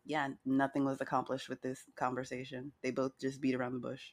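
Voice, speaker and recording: A woman co-hosting a casual recap chat, chatty and wry, with a slightly hoarse morning voice. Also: a bass voice, completely flat delivery, brisk. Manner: chatty, wry, retells scenes with quoted lines. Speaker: podcast co-host recapping a reality show.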